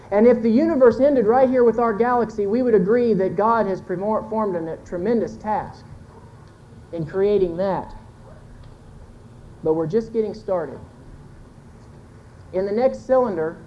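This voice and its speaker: A woman's voice: mid-range voice, dark tone, lo-fi sound, slight background noise. A woman giving a folksy, earnest sermon-style talk to a church congregation, pointing to a chart and correcting herself as she goes. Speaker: church speaker teaching with a chart.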